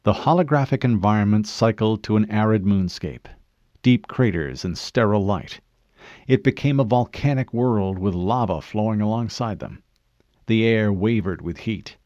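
Reading an audiobook in an expressive, story-driven way, a man speaks in a lowish voice at moderate speed. The audio sounds dull and carries no room sound.

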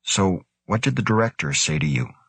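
A man's voice: low voice, very animated, moderate pace, vocal fry, a bit bright, breathy edge, no echo, exaggerated voice. A man doing a teasing, grinning scientist. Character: grinning, gossipy male scientist.

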